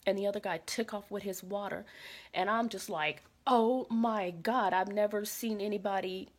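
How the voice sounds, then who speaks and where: In a casual spoken story, a woman describes a frightening dream a little fast, her voice medium in pitch. The retelling is dramatic and animated, with repeated phrases, many fillers, and whispered quotes.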